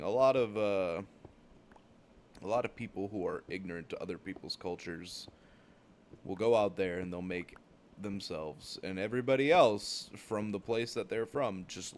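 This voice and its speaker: A man's voice: low voice, lively intonation, measured pace. A young man from the United States, hosting a gaming channel, tells rambling, profane travel stories full of "like" fillers. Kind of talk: casual storytelling while gaming.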